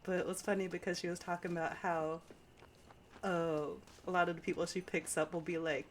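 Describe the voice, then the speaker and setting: A woman's voice: lowish voice, level tone, a little fast, soft background music, low-quality recording. A woman game streamer chatting casually while she plays, rambling through stories with lots of fillers and easy laughs. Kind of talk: casual chat while playing. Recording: game sounds and hoofbeats loud underneath.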